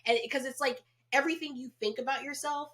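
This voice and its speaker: A woman's voice: sits high, quick pace. Chatty woman podcast co-host. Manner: animated, acts out quoted characters. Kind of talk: casual movie review chat.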